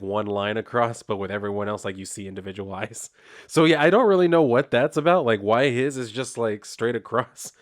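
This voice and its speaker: A man's voice: medium pitch, no echo, studio quality. A man casually reviewing a comic book, retelling it in a loose, chatty way with lots of "like". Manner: chatty, laid-back, heavy use of "like", loose retelling.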